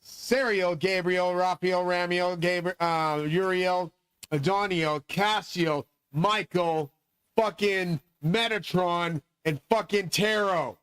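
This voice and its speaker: Middle-aged male host, grandiose profane rambler; slightly high voice, dry close mic. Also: steady tone, slow pace, a bit bright, clean tone, dry recording, poor audio. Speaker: channel host. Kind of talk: rambling monologue.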